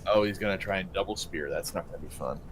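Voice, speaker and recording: A man's voice: low-pitched, fast, breathy edge. A man playing a tabletop game, thinking aloud in a hesitant, casual way. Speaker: player.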